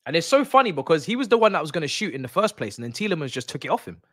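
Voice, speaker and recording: A young man reacting live during a football watch-along, excitable and slangy, swearing and repeating himself. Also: a little high, very fast, dry recording, clean studio sound.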